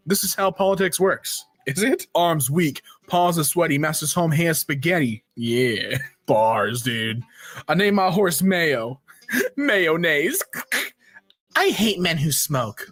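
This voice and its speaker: A man's voice: on the high side, expressive, a bit bright, no echo. A man reading memes aloud as a streamer, joking and briefly switching into silly voices. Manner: jokey, reads meme text in quick silly voices. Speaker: meme reaction streamer.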